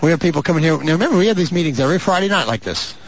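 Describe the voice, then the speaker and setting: A pastor preaching a sermon with a husky, rather high voice that swoops constantly. He climbs into drawn-out fervent shouts and drops into mock voices for his asides. The recording is muffled and lo-fi. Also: lively intonation. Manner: rising to fervent, stretched-out shouts.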